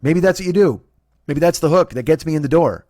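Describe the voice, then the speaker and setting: A man's voice: fairly high pitch, expressive, fairly quick, warm tone, no echo, studio quality. A man in his forties hosting a comedy podcast, ranting profanely with stammering restarts and sarcasm.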